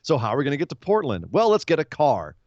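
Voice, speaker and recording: A man's voice: on the high side, huge pitch swings, a little mellow, no room sound. A man co-hosting a podcast, rambling through a wrestling recap in casual chat. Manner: rambling, retells comedy segments with quick voiced asides. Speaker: podcast co-host. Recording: dull lo-fi podcast audio, dry.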